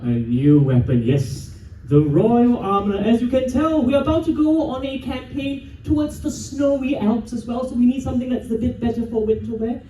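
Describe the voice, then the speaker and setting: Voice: high-pitched, fairly quick, hardly any pauses. A live comedy game show host with a playful, theatrical manner who teases the audience, speaking in front of a crowd at a large convention hall. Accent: non-local. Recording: echoey hall, distant mic, loud background noise.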